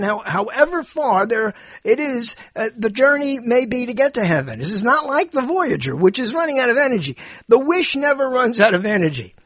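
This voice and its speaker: A man's voice: extremely high pitch, breathy edge, dry recording. An older man rambling through a meandering, self-interrupting monologue, chuckling as he muses.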